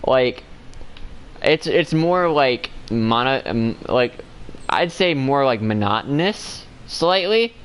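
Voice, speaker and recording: A man's voice: mid-range voice, animated, slow, a bit bright, clean tone, low-quality recording. A man in casual chat with a friend while playing a game, rambling and correcting himself as he talks. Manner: rambling, self-correcting, laughs often. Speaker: gamer chatting with a friend.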